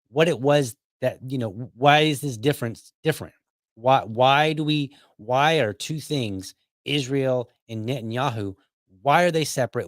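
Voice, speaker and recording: A man's voice: medium pitch, no echo, studio quality. A man hosting a podcast, commenting casually in a rambling, self-correcting way. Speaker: podcast host.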